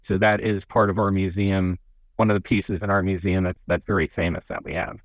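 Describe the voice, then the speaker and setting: A man with a fairly low voice talks through a local museum's collection on a radio interview, rambling and folksy, often restarting his sentences. The sound is close and dry, with no room ring. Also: little pitch movement, a little fast, no room sound, lo-fi sound. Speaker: museum representative. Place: radio studio. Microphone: studio microphone.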